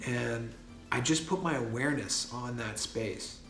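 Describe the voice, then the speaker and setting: A man's voice: mid-range voice, a little slow. Earnest man telling a story, roomy echo. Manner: earnest, many fillers and restarts, grows excited. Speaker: vlogger. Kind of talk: personal story, casual monologue. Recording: roomy echo with faint music.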